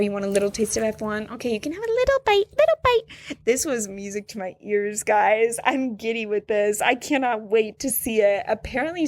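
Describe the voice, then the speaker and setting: A young adult woman co-hosting a podcast in casual chat, animated and sarcastic, jumping into high mocking voices. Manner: animated, sarcastic, mimics voices with sudden high pitch jumps. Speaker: podcast co-host.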